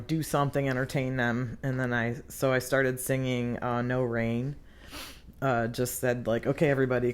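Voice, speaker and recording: A woman, a lead singer, telling lively stories in casual podcast chat, often laughing and acting out what others said. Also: very deep voice. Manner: animated, laughs often, acts out quotes. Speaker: singer guest.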